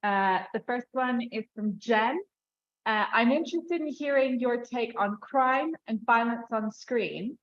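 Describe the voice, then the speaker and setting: Higher-voiced woman hosting a book event. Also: a little slow. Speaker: event host. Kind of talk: reading audience questions. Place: bookshop event room. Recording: dull lo-fi room recording.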